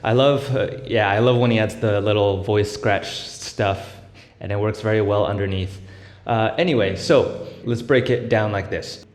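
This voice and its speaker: A man's voice: on the low side, normal speed, soft background music. A man giving a casual beatboxing tutorial, explaining step by step with lots of fillers and breaking into vocal sound demos. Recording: echoey room with long reverb.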